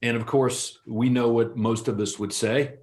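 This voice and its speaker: A man's voice: medium pitch, steady tone, a little slow, a little mellow. A man co-presenting an online real estate seminar, teaching casually and acting out short shop dialogues. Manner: casual, storytelling, acts out little dialogues. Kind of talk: conversational teaching with role-play examples.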